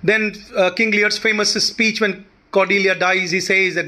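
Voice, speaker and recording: A man, teaching a short lecture on poetry and pausing often with fillers. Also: high voice, steady tone, sharp tone. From India. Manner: explanatory, many fillers and restarts.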